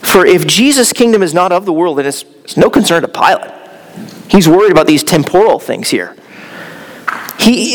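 A man preaching an expository sermon in a church, earnest and explanatory, with occasional stumbles and restarts. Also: high-pitched. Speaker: pastor. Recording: long hall reverb.

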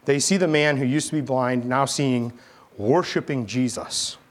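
A male pastor in the middle of a sermon, speaking at an ordinary middle pitch. He preaches in a relaxed, chatty way and brings his stories to life with animated asides. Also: measured pace. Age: adult, army veteran. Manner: conversational, animated storytelling.

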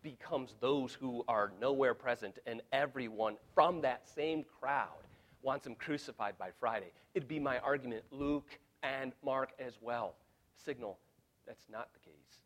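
A man's voice: medium pitch, measured pace. A man preaching an expository sermon in an earnest, emphatic way, often repeating words as he restarts. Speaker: pastor.

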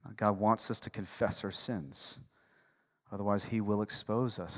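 A male pastor preaching a conversational sermon, swinging between hushed, intimate stretches and loud, fired-up passages. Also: on the low side, fairly even intonation, normal speed. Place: church sanctuary. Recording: long reverb of a large hall.

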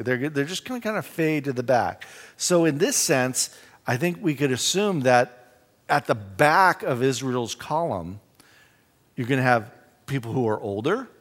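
A man teaching a Bible study in a conversational way, reading scripture aloud with emphasis. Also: medium pitch. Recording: long reverb in a hall.

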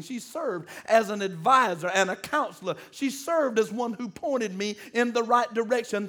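A middle-aged pastor preaching a sermon, calling out to the congregation and building to emphatic peaks. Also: male voice, high-pitched, a bit bright. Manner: call-and-response preaching, rising to emphatic peaks.

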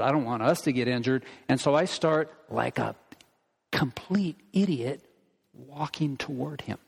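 A middle-aged male pastor preaches to his congregation, shifting easily into animated storytelling. His voice sits at an ordinary middle pitch. It carries the long reverb of a large sanctuary. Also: vocal fry, slightly rough. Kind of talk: sermon with storytelling. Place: church sanctuary.

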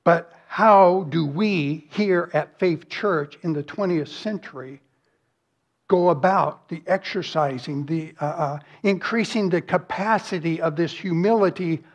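A man's voice: a little high, measured pace. A man preaching a sermon as pastor, earnest and emphatic, with rhetorical questions and lists.

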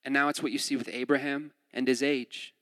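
A man's voice: medium pitch, level tone, brisk, a bit bright, no room sound. A young man preaching a casual, conversational sermon, joking and laughing often and restarting his sentences. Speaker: pastor.

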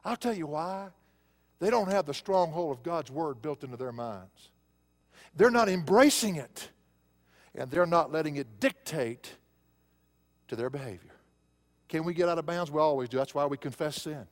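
A man's voice: on the high side, lively intonation, moderate pace, pauses often, big-room sound. A male pastor preaching a sermon, telling a personal story in a conversational way and rising to emphatic preaching.

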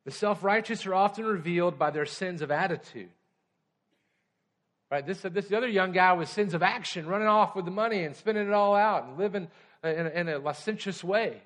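Pastor guy preaching, pretty high voice, talks with the crowd, keeps asking right?. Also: a little fast, a bit bright. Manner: conversational, often checks in with the congregation. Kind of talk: sermon.

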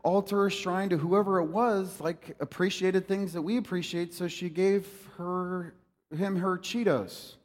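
A man preaching a sermon in an animated, conversational way, mixing jokes with scripture. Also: high voice, unhurried, long reverb tail. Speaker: pastor.

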